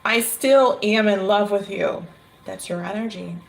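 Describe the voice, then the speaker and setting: A woman reading tarot cards on a casual livestream, chatty and quick to laugh. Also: mid-range voice, creaky, slight background noise. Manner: chatty, laughs often, animated storytelling. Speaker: tarot reader.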